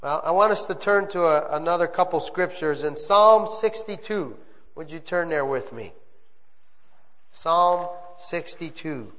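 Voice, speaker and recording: A man with a notably high voice delivers an earnest sermon and keeps asking the congregation for an amen. The sound is muffled and lo-fi, with a long reverb trailing each phrase. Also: animated, unhurried, a bit bright. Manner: earnest preaching with call-and-response amens. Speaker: pastor.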